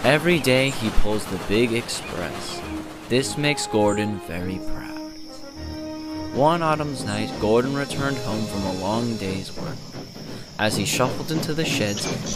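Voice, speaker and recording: A man narrating a children's train story in a lively storybook manner. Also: on the low side.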